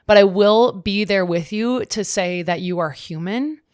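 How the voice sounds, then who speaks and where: A woman's voice: mid-range voice, a little slow, a little mellow, dry recording, clean studio sound. A woman hosting a podcast, talking in a candid, chatty way, swearing now and then and laughing at herself. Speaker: podcast host. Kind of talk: casual chat.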